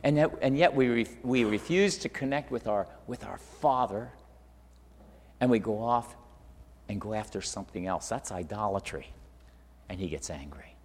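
A middle-aged man preaching a sermon, swinging from loud emphatic peaks to hushed near-whispers and repeating words as he finds his next thought. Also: lowish voice, lively intonation, normal speed, in a large hall. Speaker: pastor.

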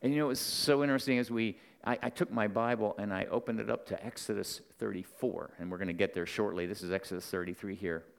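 A man's voice: on the low side, steady tone, fast, creaky, hardly any pauses. A man preaching a Sunday morning sermon as pastor, talking conversationally, telling stories and checking in with his listeners. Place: church sanctuary. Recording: long reverb of a church hall.

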